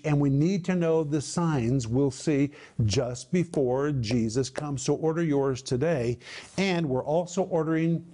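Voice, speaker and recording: A middle-aged man hosting a broadcast Bible teaching, emphatic and slowing down to stress key words. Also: on the high side, warm tone. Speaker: Bible teacher and program host.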